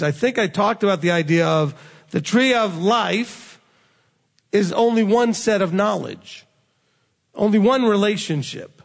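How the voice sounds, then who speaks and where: A man teaching a sermon as a rabbi, conversational and animated, acting out the quoted speech. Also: high voice, creaky. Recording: reverberant hall sound.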